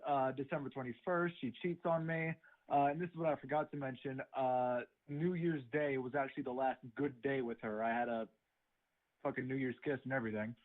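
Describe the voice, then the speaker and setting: A man's voice: mid-range voice, fairly even intonation. Young male caller on a tinny phone line. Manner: halting, filler-heavy recap. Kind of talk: phone story recap.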